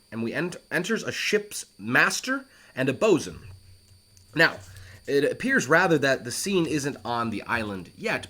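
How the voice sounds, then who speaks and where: A man teaching a play line by line, animated and reassuring, who breaks into acted quotes as he explains. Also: medium pitch. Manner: talks straight to the student, reassuring.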